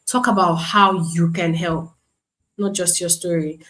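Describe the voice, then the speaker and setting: A woman with a fairly low voice leads a live virtual lesson over a stream. She teaches in a loose, conversational way, circles back to repeat her points, and reads comments from the chat aloud. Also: fairly even intonation, measured pace, a bit bright. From Nigeria. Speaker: online class instructor. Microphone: computer mic on a live stream.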